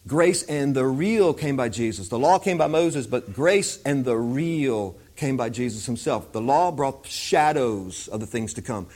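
A man's voice: mid-range voice, lively intonation, a little slow, few pauses, a little mellow. A man preaching an informal Bible teaching in a conversational way, often repeating himself.

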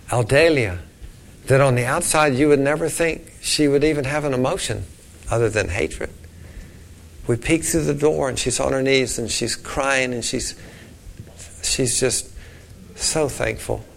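A man preaches, telling a long story with an animated pace that sinks into a hushed tone whenever he quotes someone. His voice sits at an ordinary middle pitch for a man. A faint hiss of noise runs under the recording. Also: vocal fry. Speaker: pastor. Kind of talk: sermon storytelling.

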